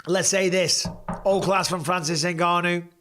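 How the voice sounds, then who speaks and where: Worn-out male stream host with a slightly high voice, blunt and profane, chatting casually with viewers. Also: steady tone, measured pace, fairly bright tone, slight background noise. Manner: blunt and chatty, swears freely, reads viewer comments aloud. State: tired after hours of talking. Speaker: host of a live fight watch-along stream. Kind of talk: casual live-stream reaction chat.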